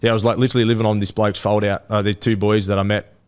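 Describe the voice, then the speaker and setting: Fast-talking young Australian man. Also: lowish voice, level tone, clear, resonant tone. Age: 20s. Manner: rambling storytelling with many restarts and fillers. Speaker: rugby league player guest. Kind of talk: casual interview chat.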